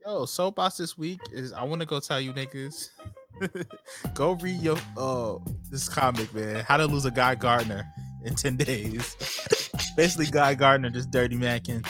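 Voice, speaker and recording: A man's voice: mid-range voice, normal speed, over music. A man co-hosting a podcast in casual chat, laid-back and agreeable, with profane slang. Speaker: podcast co-host.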